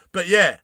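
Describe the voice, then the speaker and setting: A man casually retelling a movie plot, animated and rambling, often laughing. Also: no echo, studio quality. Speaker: storyteller.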